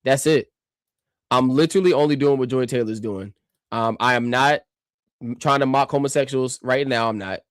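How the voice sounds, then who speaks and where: A man's voice: mid-range voice, normal speed, smooth, dry recording. Male streamer, combative reaction rant, mocking, dry and close. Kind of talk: ranting reaction commentary.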